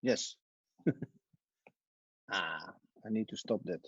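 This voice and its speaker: A male teacher speaking live to an online class in a halting way, with fillers and trailing phrases. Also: on the low side, fairly bright tone, slightly rough, no room sound, dull audio.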